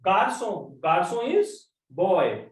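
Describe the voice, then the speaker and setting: Speaking in a sing-song, mid-range voice, a French teacher unhurriedly works through a lesson, repeating every example and what it means. The mic sits far off, so the sound carries a roomy echo.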